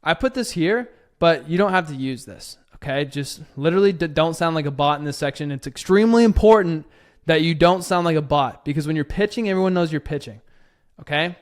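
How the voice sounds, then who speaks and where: A man's voice: a little high, fairly quick. A young man in his twenties giving a casual spoken lesson, talking loosely with lots of fillers and acting out both sides of a sales conversation. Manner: filler-heavy and conversational, acting out client dialogue. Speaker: copywriting course instructor.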